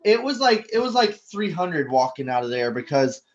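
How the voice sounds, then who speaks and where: A man's voice: on the high side, sing-song, normal speed, highs cut off. A man guest in a casual podcast chat, telling stories animatedly and acting out crowd voices.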